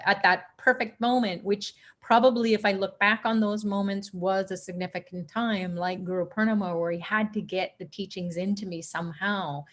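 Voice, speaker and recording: A woman giving an earnest spiritual talk on a chanting call, telling stories with animated quotes and laughter. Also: medium pitch.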